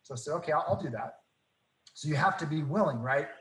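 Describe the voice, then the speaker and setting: A man telling faith stories in casual talk, earnest and animated, acting out the dialogue. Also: a little high, fast, reverberant, poor audio. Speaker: guest.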